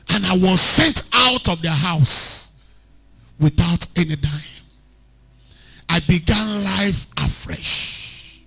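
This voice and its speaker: A man preaching an animated sermon as a pastor, rising to shouts at times. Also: sits high, slow, pauses often, husky. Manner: animated preaching, shouting at peaks, mixing in Pidgin.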